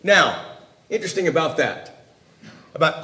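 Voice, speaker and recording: A male preacher delivers a sermon in a high, bright register. He presses his points with emphatic bursts and then drops to quiet asides. His voice rings in a roomy, echoing space. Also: expressive, moderate pace. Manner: emphatic, rising and falling between loud and quiet.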